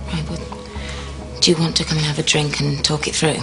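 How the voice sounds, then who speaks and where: A woman's voice: deep voice, level tone, normal speed, music in the background. An actress playing a pushy female football club executive who coaxes and persuades a colleague in a TV drama. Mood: persuading. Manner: persuasive, coaxing. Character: pushy female club boss under pressure. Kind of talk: TV drama acting.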